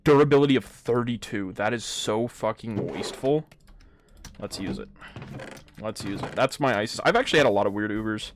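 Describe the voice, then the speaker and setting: A man's voice: on the low side, normal speed, a little hiss or hum. A young man rambling casually and swearing a lot while he plays a game and tells stories, with plenty of fillers. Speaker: gaming vlogger.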